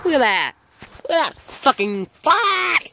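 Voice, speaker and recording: A young man rants to his phone camera outdoors in fog, cursing in almost every sentence. He talks in a slow, drawn-out way, and a faint hiss sits under his voice. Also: very high-pitched, big pitch swings, creaky. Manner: swears constantly, grumbling and ranting. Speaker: vlogger. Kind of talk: casual profane rant to camera. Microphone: phone camera held by the speaker.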